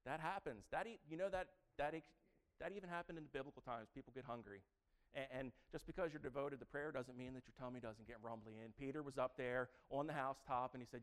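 Male preacher, clear, smooth tone, chatty and joking, quizzes the congregation. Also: mid-range voice, a little fast. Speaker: preacher teaching a Bible lesson. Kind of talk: interactive sermon.

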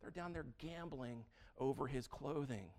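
A man preaching a sermon in a conversational, animated way, often restarting his sentences. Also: mid-range voice, a little slow. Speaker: pastor.

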